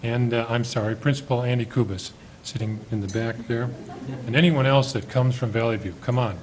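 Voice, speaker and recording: A man of middle pitch chairs a public school board meeting. His delivery is friendly and a bit halting, and he checks how to say names. A faint rumble sits under the recording. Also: steady tone, poor audio. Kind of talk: meeting proceedings.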